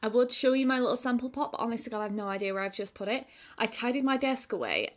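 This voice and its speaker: A woman's voice: a little high, expressive, quick pace. Chatty woman reviewing makeup. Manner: chatty, filler-heavy with frequent "like"; quieter and tired while applying makeup. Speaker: beauty vlogger.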